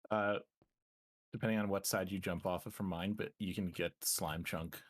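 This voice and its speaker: Deep-voiced man chatting on stream. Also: steady tone, moderate pace, slight background noise. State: run down. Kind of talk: casual chat.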